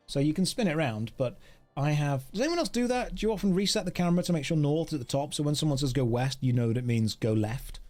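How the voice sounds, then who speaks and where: A man's voice: on the high side, animated, fast talker, warm tone, faint music behind. Brief: joking male game streamer, light upper voice, chatty with his audience. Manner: playful, joking, chatty with chat. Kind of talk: casual game stream chat with viewers.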